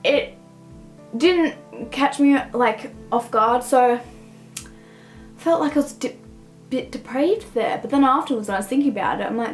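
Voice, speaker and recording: A woman's voice: high voice, lively intonation, moderate pace, soft background music, low-quality recording. Rambling young woman reviewing a book. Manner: rambling, heavy use of "like". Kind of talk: casual book review rant.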